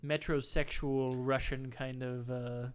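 An American man at an ordinary mid pitch explains things at length in a loose podcast chat. His voice is smooth and clear, and his tone is teasing. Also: flat delivery, slow pace. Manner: teasing, storytelling. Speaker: podcast co-host. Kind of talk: casual chat.

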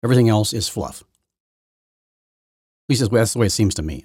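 A man's voice: fairly low pitch, brisk, pauses often, darkish tone, husky, no room sound, studio quality. A man hosting his own podcast, giving rambling, opinionated solo commentary full of restarts and repeated words. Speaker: podcast host.

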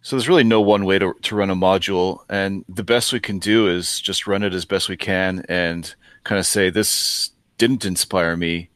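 A man's voice: low voice, fairly even intonation, moderate pace, hardly any pauses, no room sound. A man who runs the game, talking through his thinking in a casual podcast discussion, often restarting his sentences. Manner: thoughtful, with many restarts. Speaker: game master and podcast co-host.

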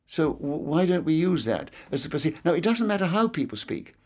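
A man's voice: fairly high pitch, big pitch swings, fairly quick. An older man with an English accent, reminiscing at length in an interview, with an expansive and anecdotal manner. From England. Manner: expansive, anecdotal, fond of digressions.

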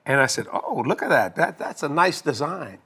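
An older man casually telling a long story, animated and laughing as he acts out both sides of a conversation. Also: a little high, normal speed, gravelly, breathy edge. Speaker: guest telling a marriage story.

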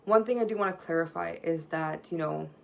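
Woman presenter, low gravelly voice, earnest conversational seminar style, faint street noise behind. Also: fairly quick, rough recording. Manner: earnest, storytelling, frequent "right?" tag questions. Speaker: workshop presenter on communication. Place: at home near a street.

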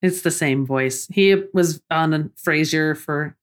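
Low-voiced woman going through cast lists. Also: slow pace. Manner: reads cast lists, laughs often. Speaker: podcast co-host. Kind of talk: casual chat about films.

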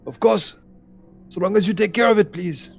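A man's voice: high voice, moderate pace, creaky, faint music behind. A man voicing Victor, a weary, courteous monster hunter who talks in polite, formal phrases. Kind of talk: tabletop role-play.

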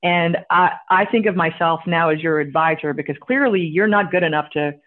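A woman entrepreneur tells a story in casual conversation, lively and blunt, voicing the people in it. Her voice sits a little low. The sound is narrow and tinny, like a phone line. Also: a little fast, a little hiss or hum. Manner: animated, acts out quotes, swears casually. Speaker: guest entrepreneur.

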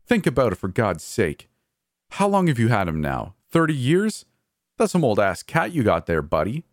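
A man's voice: sits low, sing-song, normal speed, no echo, studio quality. A man voicing a sneering, murderous brother. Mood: scornful. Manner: taunting, sneering, coldly cheerful. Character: mocking murderous adult brother, cold and gleeful. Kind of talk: horror story dialogue.

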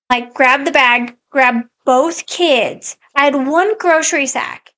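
High-voiced woman telling a lively story. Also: slow pace, few pauses. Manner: animated storyteller acting out her own quotes. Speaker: podcast co-host. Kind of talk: casual storytelling chat.

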